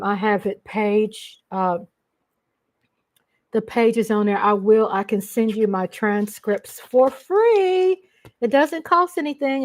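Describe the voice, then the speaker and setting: A middle-aged woman from Texas with a Texan accent, hosting a casual livestream and gushing shout-outs to her viewers. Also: mid-range voice. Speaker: livestream host.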